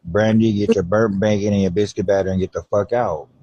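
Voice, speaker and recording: A man's voice: fairly low pitch, fairly even intonation, brisk, highs cut off, a crowd in the background. A man giving laid-back, profane gossip commentary on a live stream.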